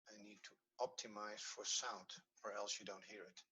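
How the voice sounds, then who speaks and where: A man's voice: fairly low pitch, fairly even intonation, pushed and bright, breathy edge. Dutch-accented man teaching Hebrew grammar. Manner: patient, repeats rules slowly, fumbles with playback. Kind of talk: online class instruction.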